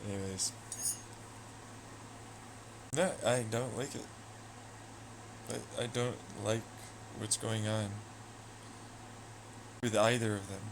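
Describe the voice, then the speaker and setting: A man's voice: lowish voice, fairly even intonation, slow pace, pauses often, noisy background. A man streaming live, chatting loosely with viewers, swearing and trailing off into asides. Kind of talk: casual rambling chat.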